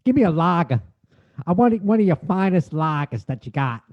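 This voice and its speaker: A man's voice: sits high, big pitch swings, brisk, dull audio. A man voicing a brash male bar patron with a put-on Boston accent, demanding a beer.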